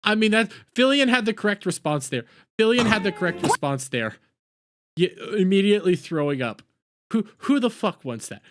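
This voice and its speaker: A man's voice: high voice, big pitch swings, moderate pace, a bit bright, a little hiss or hum. A man live-streaming commentary on clips, swearing and exasperated, often laughing in disbelief. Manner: profane, exasperated, breaks into incredulous laughter.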